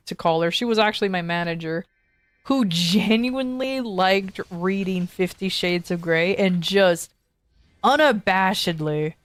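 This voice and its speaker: A woman's voice: medium pitch, clean tone, dry recording. Young female streamer, casual chat, loose rambling storyteller who swears and laughs, dry booth-like sound.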